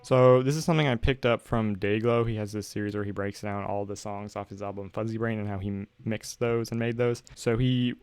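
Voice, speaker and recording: Soft background music, his own song, runs under a young producer's casual walkthrough of how he made it. His fairly low voice is clean and a little mellow, with little pitch movement, a slightly fast pace and few pauses, and he's laid-back, saying "like" constantly.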